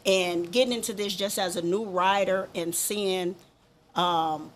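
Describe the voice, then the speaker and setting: A woman's voice: lowish voice, steady tone, measured pace. Woman motorcycle rider from compton talking straight, emphatic, bit of faint hiss behind. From Compton, California. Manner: candid, emphatic, repeats for emphasis. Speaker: motorcycle rider, interview guest. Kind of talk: casual interview chat.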